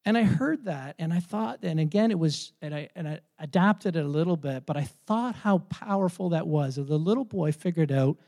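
A man's voice: fairly high pitch, moderate pace, hardly any pauses, a little mellow. A man preaching a sermon in a conversational way, often repeating words as he thinks aloud. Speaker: pastor.

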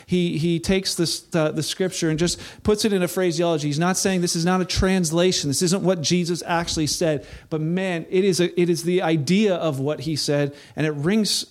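A middle-aged male pastor preaching a sermon, earnest, rising to impassioned peaks and then dropping soft and low.

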